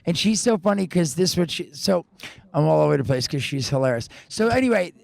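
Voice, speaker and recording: High gravelly rambling man. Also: lively intonation, a little fast, a little mellow. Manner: rambling, profane, laughs often, acts out quotes. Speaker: podcast co-host. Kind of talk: casual storytelling chat.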